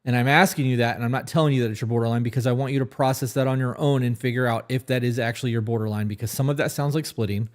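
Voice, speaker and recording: A man's voice: medium pitch, fairly even intonation, racing, hardly any pauses. A man co-hosting a live advice podcast, talking candidly and at length, with casual swearing. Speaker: podcast co-host.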